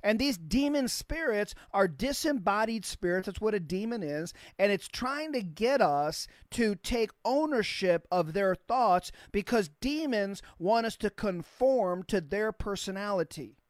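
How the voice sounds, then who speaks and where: A pastor preaching a sermon, emphatic, repeating key phrases and spelling words out letter by letter, with slow stressed lines between quick runs. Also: medium pitch, lively intonation, no room sound, clean studio sound.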